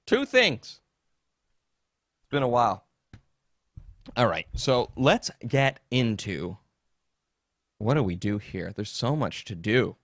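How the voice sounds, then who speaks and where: A man's voice: on the low side, a bit bright, no room sound, clean studio sound. Profane, sarcastic male podcast host. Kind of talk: casual solo podcast monologue.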